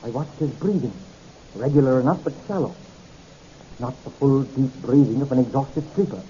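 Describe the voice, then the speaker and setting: A man reading a first-person mystery story in a measured, dramatic way. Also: medium pitch, warm tone, slight background noise. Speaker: narrator. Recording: dull lo-fi recording.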